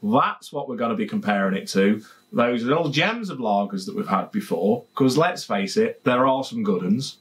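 A man with a Leicestershire accent talks through a beer review in a relaxed home vlog. His voice sits at an ordinary middle pitch for a man. He speaks casually, cracks jokes and likes to say the same phrase twice. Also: normal speed. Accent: Leicestershire English. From England. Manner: chatty and jokey, repeats phrases. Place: home garden, outdoors.

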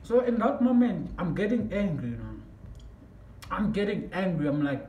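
A man telling a story on his vlog, animated and excitable, breaking into shouts, recorded in an echoey room. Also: sits high, normal speed. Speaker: vlogger. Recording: echoey room, mic at a distance, faint background noise.

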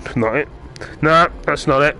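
Gravelly, swearing man ranting. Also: a little high, normal speed, bright, forceful tone, soft background music. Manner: swearing constantly, ranting in frustration. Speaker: gamer. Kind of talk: frustrated gaming commentary.

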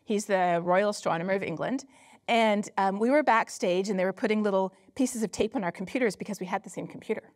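A woman's voice: medium pitch, a little fast, a little mellow. A woman climate scientist giving a public lecture, telling stories with emphatic rhetorical questions and frequent laughter. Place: lecture hall at a company headquarters.

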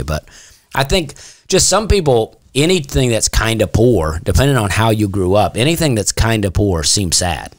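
A man's voice: on the low side, very animated, moderate pace, no room sound, clean studio sound. A man from Alabama, a stand-up comedian chatting casually as a podcast guest in a laid-back storytelling way. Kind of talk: casual interview chat.

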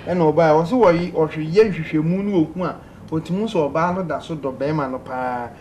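A man hosting a call-in advice show, reading out listener messages in a lively way and laughing often. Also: a little high, normal speed, slight background noise. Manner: lively, laughing, pleading with callers to speak.

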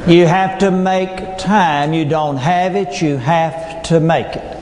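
A middle-aged man, speaking slowly in a slightly high voice with a darkish tone, gives a humorous motivational talk full of homespun stories and punchlines. He's in a large hall before an audience; the recording is echoey with long reverb and carries a little hiss or hum.

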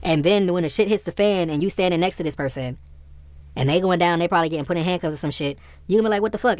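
A woman giving a casual tarot reading to her viewers, blunt and profane, growing animated and exasperated. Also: on the low side, no echo. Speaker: tarot reader.

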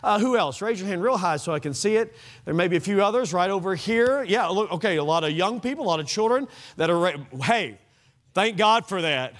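A male pastor preaching an evening sermon in a church, animated and conversational, asking the congregation questions. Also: high voice, fairly quick. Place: church sanctuary.

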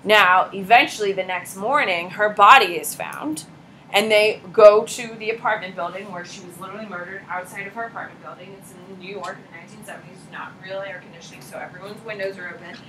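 A woman's voice: medium pitch, a little fast, noisy background. A woman in her thirties, a teacher giving a chatty classroom lecture and quizzing her students. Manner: lively, chatty, asks the class questions.

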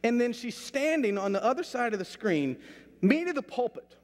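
A man's voice: very high-pitched, sing-song, normal speed. A middle-aged male pastor telling a story in a sermon, with a folksy, anecdotal way of talking and bursts of stronger preaching emphasis. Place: church sanctuary. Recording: long hall reverb of a church sanctuary.

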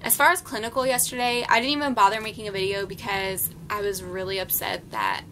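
A woman's voice: mid-range voice, a little fast, a bit bright, slight background noise. A young woman vlogging as a nursing student, recapping her class in a casual, chatty way with frequent ums. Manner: chatty, many ums, explains plainly. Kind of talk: casual study recap vlog.

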